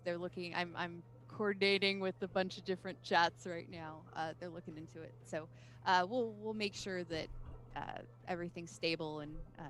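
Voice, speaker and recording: A woman's voice: on the low side, fairly bright tone. A woman co-hosting a game live stream, reading viewer questions with friendly chatty asides and updates for viewers. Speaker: stream co-host and community manager.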